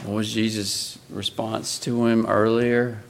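Slow, gravelly-voiced male preacher. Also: lowish voice, flat delivery, a little hiss or hum. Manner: earnest, asks rhetorical questions. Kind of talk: sermon.

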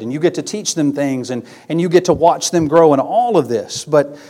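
Man, preacher, sermon, earnest, repetitive emphasis, fairly high voice. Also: darkish tone. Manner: earnest, with rising emphatic peaks and repeated phrases.

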